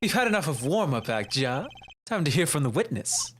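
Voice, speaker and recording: A woman voicing a suave, smug male prosecutor with a German accent, taunting and smooth. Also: deep voice, sing-song, fairly quick, a little hiss or hum.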